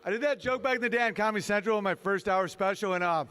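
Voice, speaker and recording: A man's voice: sits high, fast, a bit bright. A man doing a stand-up comedy set, rambling and mocking with a lot of swearing.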